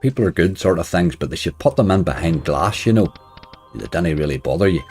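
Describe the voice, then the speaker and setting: A man's voice: low voice, lively intonation, brisk, husky, soft background music. A man chatting casually on a live stream, greeting viewers and joking wryly while he plays. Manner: wry, laughs softly at his own remarks.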